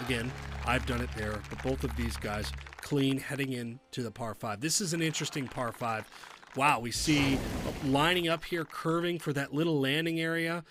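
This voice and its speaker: A man commentating a golf video game tournament, chatty and excitable, breaking into loud outbursts at big shots. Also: medium pitch, moderate pace, background noise. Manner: chatty, personal asides.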